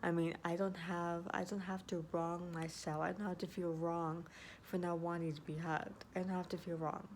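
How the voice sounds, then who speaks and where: Earnest woman with a low voice. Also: level tone, normal speed, darkish tone, slight background noise. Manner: earnest, repeats herself, restarts sentences. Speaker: vlogger. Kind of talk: casual advice talk to camera.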